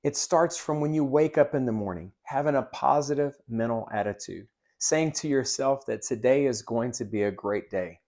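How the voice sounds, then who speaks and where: Man, sales trainer, upbeat coaching tone, mid-pitched voice. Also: moderate pace, hardly any pauses, darkish tone. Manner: upbeat, coaching, acts out greeting lines. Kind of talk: instructional talk with role-play demos.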